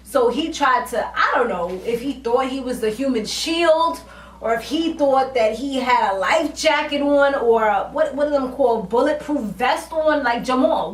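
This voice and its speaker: A fairly high-voiced woman recaps a TV episode in a casual, slangy vlog, acting out the characters' lines with lots of animation. She sits a bit back from the mic in a roomy, echoey space. A faint hum of ambience runs underneath. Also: expressive, moderate pace, distant mic. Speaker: TV recap vlogger.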